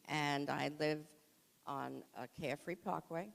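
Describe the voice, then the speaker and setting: A woman's voice: deep voice, unhurried, gravelly. An older woman with a New York accent introducing herself at a community meeting, chatty and self-deprecating. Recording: echoey community hall.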